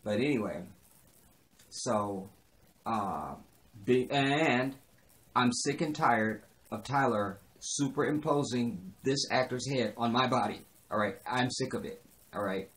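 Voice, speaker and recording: A man's voice: medium pitch, takes it slowly, fairly bright tone. A man casually recapping a TV episode, sarcastic and rambling, repeating his lines for comic effect and swearing now and then. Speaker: TV show reviewer.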